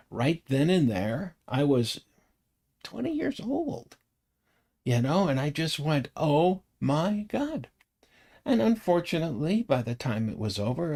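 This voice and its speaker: A middle-aged man talking casually about tarot cards, rambling from one anecdote to the next. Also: mid-range voice. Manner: rambling, anecdotal, animated when telling stories. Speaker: tarot reader and teacher.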